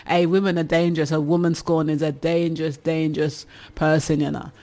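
Lively woman hosting an advice show. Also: sits low, normal speed. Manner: lively, laughing, teasing listeners. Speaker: radio advice show host. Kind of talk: casual advice chat reading listener messages.

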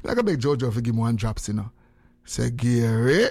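An older man from Jamaica with a Jamaican accent, hosting a morning radio show and chatting with callers in animated, laughing patois. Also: medium pitch, fast talker, creaky. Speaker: radio host. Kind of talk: casual radio chat with callers.

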